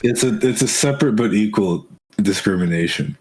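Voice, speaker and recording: A young man guesting on a casual podcast, relaxed, offhand and joking. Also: fairly low pitch, a little fast, slightly rough, low-quality recording.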